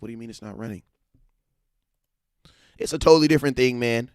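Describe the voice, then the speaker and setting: A man hosting a casual live-stream about football, animated and slangy, repeating himself and breaking into excited shouts. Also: mid-range voice, fast, pauses often, clear, resonant tone, no room sound, clean studio sound. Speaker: live-stream sports talk host.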